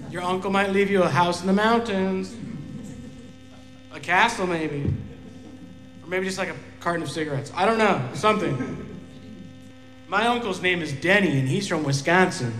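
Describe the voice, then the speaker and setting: Profane stand-up comic in an echoey hall. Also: male voice, high voice, moderate pace, long pauses, a bit bright, soft background music. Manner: rambling, profane, acts out voices. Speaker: stand-up comedian. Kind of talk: stand-up set.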